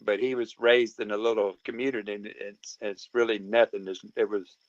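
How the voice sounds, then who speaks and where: Man, middle-aged, halting, polite, dull muffled audio, dry. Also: on the low side, flat delivery, no room sound. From Mobile County, Alabama. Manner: halting, many fillers and restarts, polite. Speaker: guest. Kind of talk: casual conversation.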